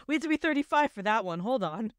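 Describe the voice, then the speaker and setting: A woman's voice: a little high, animated, fast talker, dry recording, clean studio sound. A young adult woman co-hosting a podcast, chiming in with short amused remarks. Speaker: podcast co-host. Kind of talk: casual chat.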